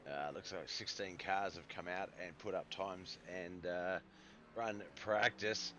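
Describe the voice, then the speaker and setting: An Australian man commentating a live sim truck race in a relaxed, rambling way, with lots of fillers and self-corrections, his voice starting to go. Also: low voice, a little slow, muffled recording, a little hiss or hum.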